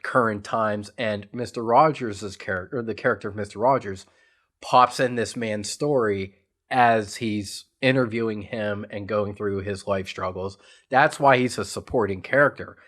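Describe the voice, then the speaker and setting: A man's voice: on the low side, fairly bright tone. A man from western Pennsylvania, a podcast co-host, eagerly recapping a film in a casual chat, rambling and leaning on lots of "like" fillers. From Pittsburgh area, USA. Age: adult parent. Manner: enthusiastic rambling storyteller with many "like" fillers.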